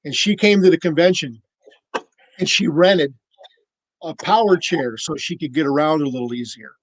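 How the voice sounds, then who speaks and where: A man on a podcast telling a casual, animated story and acting out the voices of the people in it. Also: fairly high pitch, normal speed, no room sound, low-quality recording. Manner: animated anecdote-teller, acts out quoted voices. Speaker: podcast cohost.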